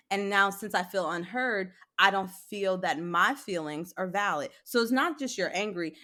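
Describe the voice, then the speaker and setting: A woman guest psychologist explaining ideas step by step in a conversational interview, animated when acting out examples. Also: medium pitch. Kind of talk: conversational advice.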